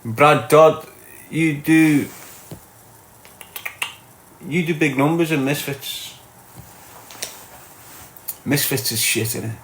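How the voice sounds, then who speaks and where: Hosting a casual livestream, a Scouse-accented man greets commenters by name in local slang while reading their chat. His voice sits a little high and he takes it slowly with frequent pauses, in a roomy space with a bit of hiss or hum.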